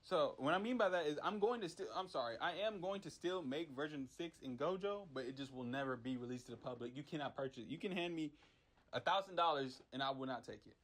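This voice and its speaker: A man's voice: a little high, animated, fast talker, fairly bright tone. A young man who makes game characters, ranting in a rambling, frustrated way with lots of slang and repeated words. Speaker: MUGEN character creator. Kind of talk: casual ranting vlog.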